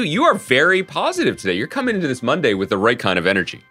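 Podcast co-host, man, teasing banter, low but animated, bright tone. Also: racing, faint music behind. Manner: teasing, wry, lively banter. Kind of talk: casual chat.

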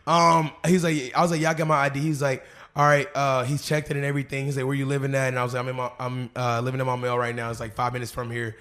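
A man's voice: mid-range voice, flat delivery, fast talker, fairly bright tone. A young man from Arkansas telling stories in a loose, slang-heavy casual chat, full of fillers. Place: living room couch.

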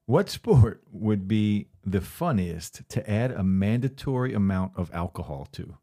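A man's voice: fairly low pitch, animated, unhurried, warm tone. A man hosting a casual podcast, reading out questions, laughing easily, swearing and pushing back playfully. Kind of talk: casual chat.

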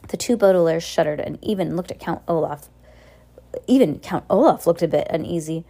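A woman's voice: on the low side, fairly quick, dark tone. A woman reading a novel aloud chapter by chapter, stumbling and restarting now and then. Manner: reads with slips and restarts. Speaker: audiobook reader.

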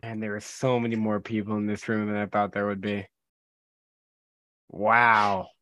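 A man's voice: lowish voice, flat delivery, measured pace, bright, forceful tone, no room sound. A man playing his character in a tabletop game, speaking in a dry, joking way. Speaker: player.

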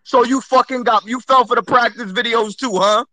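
A man co-hosting a casual sports chat who often yells and swears while joking. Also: extremely high pitch, steady tone, moderate pace, no echo. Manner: loud, profane, yells often. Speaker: podcast co-host.

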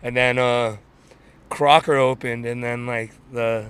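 A man's voice: medium pitch, steady tone, slow, a bit bright, smooth. A man from San Francisco telling stories as an interview guest, laid-back and streetwise, with plenty of slang and swearing. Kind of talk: casual storytelling interview.

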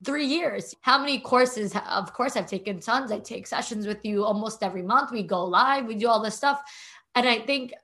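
A woman's voice: a little high, moderate pace, pushed and bright. A young woman hosting a podcast, talking openly in a rambling way, restarting her sentences and often saying "like.". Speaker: podcast host. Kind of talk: emotional interview conversation.

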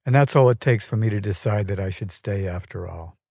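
Low-voiced man narrating a personal story. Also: darkish tone. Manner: measured, dryly wry storytelling. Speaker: podcast storyteller.

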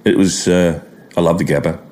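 A man's voice: low-pitched, steady tone, fairly quick, darkish tone. A middle-aged Australian man from Queensland, a guest telling rambling, chuckling anecdotes and mimicking people in a casual interview.

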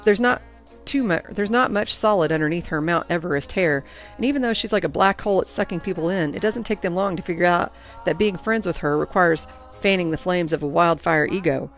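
A woman reading first-person audiobook narration in an earnest, expressive way. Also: on the low side, fairly quick, faint music behind.

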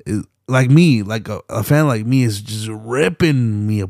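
A young man hosts his own podcast, speaking slowly in a low, slightly mellow voice rough with vocal fry. He rambles passionately with fillers and restarts, swearing often, and the sound is close and dry with no room sound.

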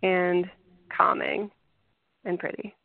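A woman who is a teacher chats on a podcast, giggly and upbeat. Her voice has some vocal fry. The sound is dry and thin, like a phone call. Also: on the low side, flat delivery, takes it slowly, dry recording. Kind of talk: casual chat.

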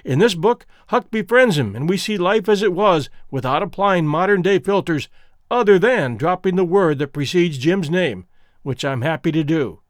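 Midwestern guy hosting a story podcast, pretty high voice, calm and explainy. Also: normal speed, no room sound, clean studio sound. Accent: Midwestern American. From American Midwest. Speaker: podcast host and reader.

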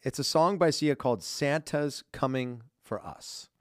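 A man co-hosting a podcast in casual chat, joking and animated as he introduces songs. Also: mid-range voice, dry recording, studio quality. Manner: jokey, animated, quick to crack puns. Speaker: podcast co-host; producer. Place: small studio.

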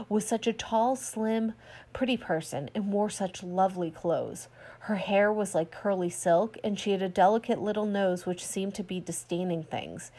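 A woman narrating a classic story aloud in a steady storytelling read, voicing quoted lines lightly. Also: medium pitch. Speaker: audiobook reader. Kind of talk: scripted narration.

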